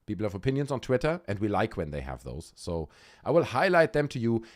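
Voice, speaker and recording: A man hosting a casual livestream from a warm room at home, joking sarcastically and reading out chat messages. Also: on the low side, big pitch swings, brisk. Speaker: livestream host. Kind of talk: casual live-stream chat.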